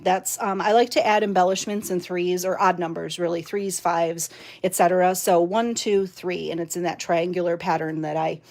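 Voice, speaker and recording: A woman's voice: medium pitch, a little mellow. Chatty woman demoing card crafts. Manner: chatty, laughs often, many fillers. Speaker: card-making demonstrator. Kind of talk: live-stream craft demo. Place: home craft room. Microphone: mounted camera.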